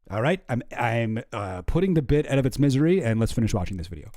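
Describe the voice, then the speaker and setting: A man's voice: medium pitch, big pitch swings, fast, hardly any pauses, dark tone, dry recording, clean studio sound. A man hosting a stream, giving casual, sardonic, rambling reaction commentary. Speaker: streamer host.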